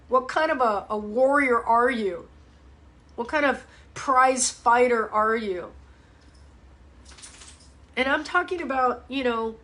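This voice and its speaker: A fitness coach hosts a live ask-me-anything show from home, coaching her online audience in a casual stream. Her high voice is bright and forceful, and she speaks bluntly and with fired-up energy, calling people out and swearing freely.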